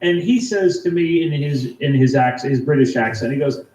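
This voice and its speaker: A man's voice: fairly high pitch, moderate pace, highs cut off. Canadian man telling a story over distant, echoey audio. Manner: excited, rambling with fillers and restarts. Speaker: guest. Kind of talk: animated personal storytelling.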